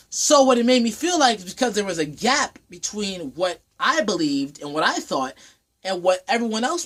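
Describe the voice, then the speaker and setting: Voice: mid-range voice, fairly bright tone. A young adult vlogger giving an earnest personal monologue, often repeating and rephrasing phrases while thinking aloud.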